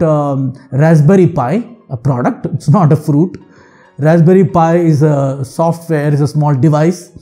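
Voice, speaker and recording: Frank Indian man with a dark voice. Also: high-pitched. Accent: Indian English. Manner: frank, earnest and opinionated. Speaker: YouTube channel host. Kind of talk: advice-giving monologue.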